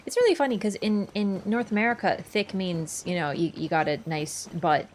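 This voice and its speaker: A chatty woman, talking casually while she plays a game on stream. Her pitch sits in a middle range, and she laughs often as she answers her viewers. A faint hiss runs under the recording. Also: moderate pace. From Canada. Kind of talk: casual gaming livestream chat.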